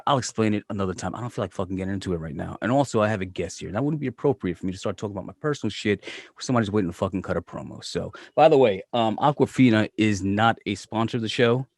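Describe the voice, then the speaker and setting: A man's voice: lowish voice, dry recording, studio quality. A man hosting a casual podcast chat, swearing freely and joking loosely with his guest. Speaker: podcast host.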